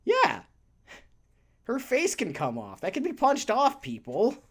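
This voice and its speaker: During casual podcast chat, a co-host rambles with lively energy, laughing often and swearing casually. The voice sits at medium pitch and keeps a measured pace.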